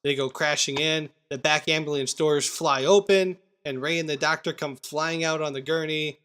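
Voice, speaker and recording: Man, podcast co-host, casual film chat, fairly high voice, quick recaps. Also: fairly even intonation, a bit bright. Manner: recaps scenes, acts out quotes. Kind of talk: casual movie review chat.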